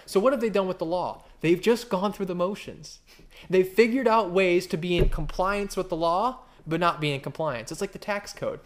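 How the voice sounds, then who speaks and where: A pastor preaching in a casual, conversational way, with wry asides and lively acted-out quotes. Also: male voice, a little fast. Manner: animated, acts out quotes with big pitch jumps. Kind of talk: conversational sermon.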